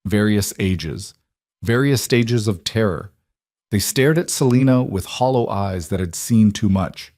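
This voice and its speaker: A man narrating a scripted drama story in a slow, dramatic reading. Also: on the low side, a little mellow, no echo, clean studio sound.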